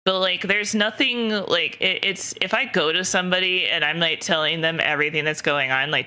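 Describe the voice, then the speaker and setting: Bright-voiced woman venting casually. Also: fairly low pitch, brisk. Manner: frank, rambling, lots of "like" fillers and swearing. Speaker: streamer. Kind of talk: casual chat with viewers.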